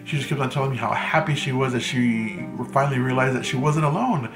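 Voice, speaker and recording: Speaking quickly in a medium-pitched voice, this vlogger with Mexican roots shares a tale from when he was a teen. The storytime video is loose and chatty, full of "like," and recorded in an echoey room with background music.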